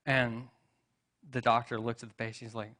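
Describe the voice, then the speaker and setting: A man's voice: medium pitch, flat delivery, moderate pace, sharp tone. A man preaching a sermon in a church, telling stories in a conversational way with asides and rhetorical questions. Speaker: pastor. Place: church sanctuary.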